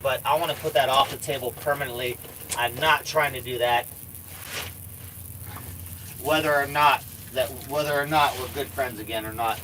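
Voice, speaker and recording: A man's voice: medium pitch, fairly even intonation, normal speed, long pauses, pushed and bright, a little hiss or hum, low-quality recording. A man live-streaming from inside an RV, rambling in casual chat, swearing a lot and repeating himself.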